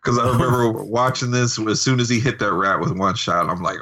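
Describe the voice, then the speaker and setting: A man's voice: fairly low pitch, fairly quick, pushed and bright. A man co-hosting a casual podcast, adding dry nitpicking remarks about a movie. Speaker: podcast co-host.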